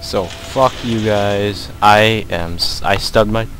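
A man's voice: lowish voice, steady tone, slow, background noise. A man giving jumpy, profane commentary as he plays a horror shooter, muttering nervously to himself. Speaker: gamer. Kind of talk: gameplay commentary.

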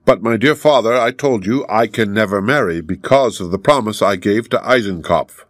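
Earnest young fairy-tale son, read by a man, low voice, dry close sound. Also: moderate pace, no room sound, close to an everyday voice.

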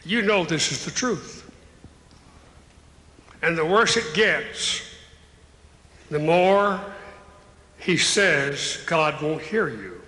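A man's voice: on the high side, lively intonation, extremely slow, pauses often, pushed and bright. An older man preaching an impassioned sermon as an evangelist at a live church service, building to raised calls. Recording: echoey hall with long reverb.

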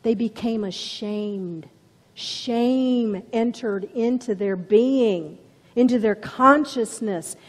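A woman's voice: on the high side, slow pace, long reverb tail. A woman preaching a sermon with dramatic storytelling, dropping to whispers for emphasis. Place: church.

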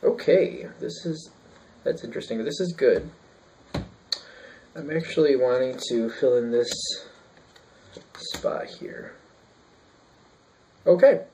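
A man's voice: mid-range voice, unhurried, long pauses, warm tone, a little hiss or hum, poor audio. A man giving a casual tarot reading, thinking aloud and rambling with fillers and restarts. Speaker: tarot reader.

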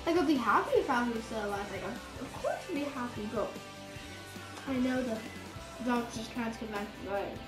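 High-voiced woman rambling over game music. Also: lively intonation, a little fast. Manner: rambling, exasperated, many "like" fillers. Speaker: gamer. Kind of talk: casual game commentary. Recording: roomy echo with game music.

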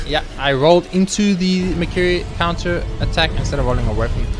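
A young man with a fairly high voice talks over his gameplay, cursing often and ranting at the game. Game music plays clearly behind him. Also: animated, fast, few pauses. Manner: swears heavily and rants at the game. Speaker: let's play gamer. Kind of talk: gameplay commentary.

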